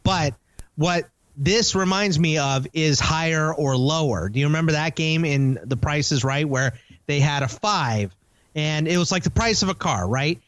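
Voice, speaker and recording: A man's voice: a little high, animated, moderate pace, a bit bright, no room sound. A man co-hosting a casual podcast chat, telling stories and teasing his co-host. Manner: teasing, storytelling.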